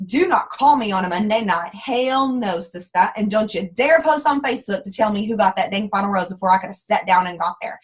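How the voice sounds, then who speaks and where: A woman leads a motivational business training, sassy and folksy. She talks animatedly and slips into mocking voices for the people she quotes. Her voice sits somewhat high for a woman. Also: brisk, low-quality recording. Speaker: network marketing team leader.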